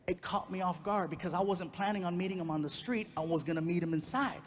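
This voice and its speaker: A male stand-up comedian telling a personal story on stage, animated and acting out each person in it. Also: high voice, fast. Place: comedy stage in a large venue. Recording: live hall with faint noise.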